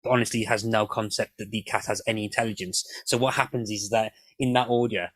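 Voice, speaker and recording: A man's voice: fairly low pitch, steady tone, a little fast, a bit bright, no room sound, rough recording. A man on a podcast panel, analysing an episode in casual chat with many restarts.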